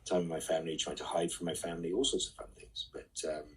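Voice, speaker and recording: Deep breathy guy doing a fan q&a stream, dry jokes, sounds a bit far off the mic. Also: flat delivery, quick pace. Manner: reads questions aloud, then answers with dry quips. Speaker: actor answering fan questions. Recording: voice set back from the mic.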